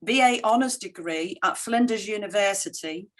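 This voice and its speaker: A middle-aged woman speaking at a conference keynote, her voice sitting at an ordinary middle pitch. She tells her stories with animation and brings other people's words to life as she quotes them. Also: normal speed.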